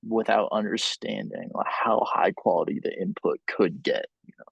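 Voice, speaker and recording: A man's voice: on the low side, moderate pace, gravelly, husky, no echo, muffled recording. A man in casual conversation, thinking aloud with hesitant restarts and fillers.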